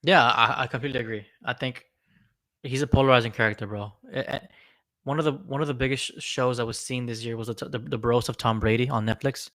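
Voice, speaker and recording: Young man, mid pitch, dry close sound, casual political chat, laid-back, agreeable, casually profane, says "bro". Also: fairly even intonation, fast talker, a bit bright, no room sound. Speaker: podcast co-host.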